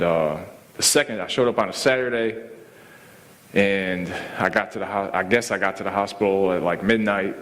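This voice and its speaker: A man sharing his personal testimony in a halting, casual way, full of fillers and restarts. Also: low-pitched, long reverb tail. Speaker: testimony speaker.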